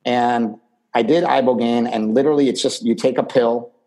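A man's voice: mid-range voice, steady tone, moderate pace, dark tone, poor audio. A middle-aged man, a podcast guest, telling a long personal story in casual conversation, rambling with lots of fillers and restarts.

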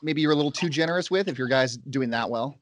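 A man's voice: mid-range voice, fast, slight background noise. A man co-hosting a podcast, friendly and joking in casual chat. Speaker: podcast co-host.

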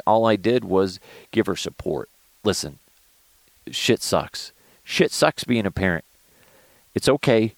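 A man talks through a casual solo podcast from inside a car, cursing freely and laughing as he tells stories. His low, gravelly voice swings widely in pitch. The sound is dry and close. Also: no room sound. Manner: profane, animated storytelling, frequent laughs. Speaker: podcast host.

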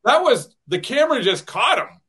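A man's voice: very high-pitched, very animated, moderate pace, bright, forceful tone, husky. A man who works as a radio broadcaster, guesting on a podcast and telling rambling stories full of restarts and chuckles. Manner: rambling storyteller, many restarts, chuckles often. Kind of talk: casual interview chat.

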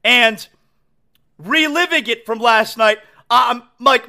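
High, bright-voiced emotional sports podcast host. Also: male voice, takes it slowly. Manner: emotional, stammering restarts. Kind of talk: excited solo sports talk.

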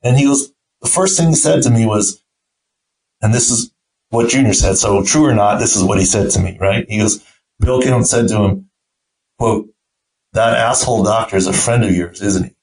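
Middle-aged man, low voice, casual podcast storytelling, acts out quotes. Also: moderate pace, rough recording. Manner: animated anecdote-telling, acts out quoted voices. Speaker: podcast host, team doctor.

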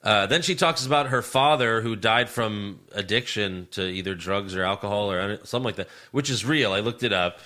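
Bright-voiced man recapping wrestling casually. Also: on the low side, fairly quick, hardly any pauses. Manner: rambling, laughs often, swears casually. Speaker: podcast host.

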